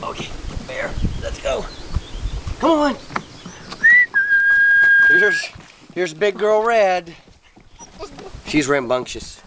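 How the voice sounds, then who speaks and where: A woman's voice: fairly low pitch, very animated, very slow, pauses often, very noisy. A woman making a home video, calling and cooing to her puppies in sing-song baby talk. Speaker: puppy owner.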